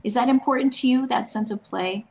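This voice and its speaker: A woman's voice: on the high side, fairly quick, vocal fry, darkish tone. Affirming woman interview host. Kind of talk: conversational interview.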